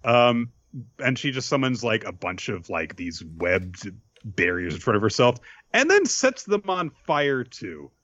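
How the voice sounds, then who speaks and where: A man's voice: fairly low pitch, animated, a bit bright, no room sound. A man chatting through a plot recap, his voice swinging up and down with energy. The sound is close and dry, with a slightly muffled top end. He mixes storytelling with wry jokes. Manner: summarizes plot with quick acted quotes, wry asides. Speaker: podcast co-host recapping an anime episode. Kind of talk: casual chat.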